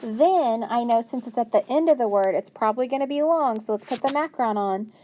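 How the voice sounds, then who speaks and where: A woman with a slightly high voice teaches phonics to young children. She sounds out each word slowly and patiently, breaking it into parts and praising each answer. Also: expressive, warm tone, a little hiss or hum.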